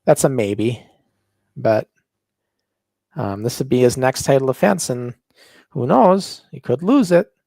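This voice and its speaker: Gravelly-voiced man bantering on a podcast. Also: mid-range voice, animated, unhurried, pauses often, warm tone, no room sound. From northern US. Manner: boastful, ribbing, rambling with fillers. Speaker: podcast co-host.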